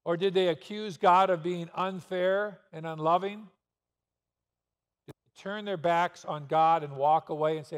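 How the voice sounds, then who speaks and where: A man's voice: high-pitched, steady tone, unhurried, clean tone. A man pastor preaching a sermon in a church, asking rhetorical questions and pressing points with sudden emphasis. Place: church sanctuary. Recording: long reverb of a church hall.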